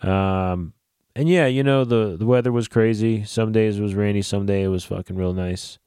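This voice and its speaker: Cursing, animated podcast host man. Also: lowish voice, moderate pace, smooth, no echo, clean studio sound. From New Jersey / New York area. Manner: profane, animated ranting. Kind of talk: casual solo podcast talk.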